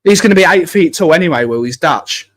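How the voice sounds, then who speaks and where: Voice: mid-range voice, animated, quick pace. A host in a casual live-stream chat, ranting emphatically with strong opinions.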